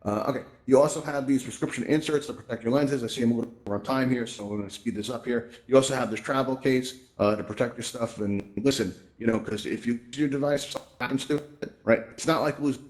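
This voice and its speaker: Man, fast talker, middling pitch, event host, chatty and jokey, headset mic. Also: darkish tone. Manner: chatty, jokey storyteller with many fillers. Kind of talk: live presentation in a virtual world.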